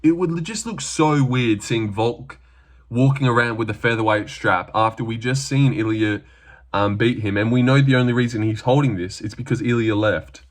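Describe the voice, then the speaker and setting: A man's voice: medium pitch, normal speed. Rambling Australian guy predicting fights. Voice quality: rambling, lots of "like" fillers. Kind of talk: casual fight prediction commentary.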